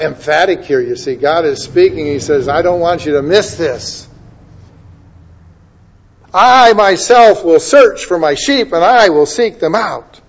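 A male pastor preaching a sermon and reading scripture aloud, building to loud, emphatic declaiming. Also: fairly high pitch, lively intonation, unhurried.

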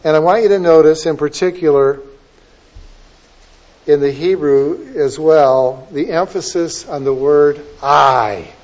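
Preacher with a dramatic, swinging delivery. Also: male voice, a little high. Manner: dynamic, swinging between soft asides and loud emphatic drawn-out lines. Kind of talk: sermon. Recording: dull lo-fi sermon recording.

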